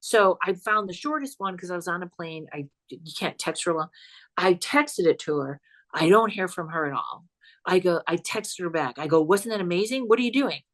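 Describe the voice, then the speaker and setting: A woman's voice: lowish voice, normal speed. Chatty woman spinning a ghost story. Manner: animated, chatty, laughs while telling. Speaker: guest, psychic comedian. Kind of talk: casual storytelling chat.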